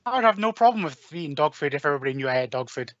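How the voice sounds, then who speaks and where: A man's voice: a little high, animated, very fast, fairly bright tone, no room sound, muffled recording. A Scottish man co-hosting a casual podcast, emphatic, jokey and sweary. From Scotland. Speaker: podcast co-host. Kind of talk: casual chat.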